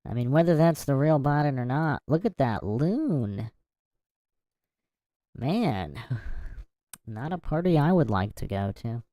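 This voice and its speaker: Low, dark-voiced woman podcast host. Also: expressive, takes it slowly, pauses often, no echo. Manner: reads passages and breaks off to react with incredulous asides. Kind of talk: casual commentary and reading aloud.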